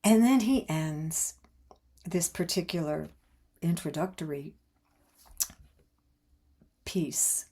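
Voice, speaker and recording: A woman opening an online gathering with slow, thoughtful words and a reading, pausing and restarting as she speaks over a video call. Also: low-pitched, warm tone, breathy edge. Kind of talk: reflective reading and introduction.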